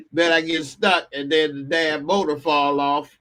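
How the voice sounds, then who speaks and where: A man's voice: mid-range voice, steady tone, normal speed, pushed and bright. A man hosting a live call-in podcast, telling a comic story with frequent laughter and acted-out voices. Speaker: podcast host.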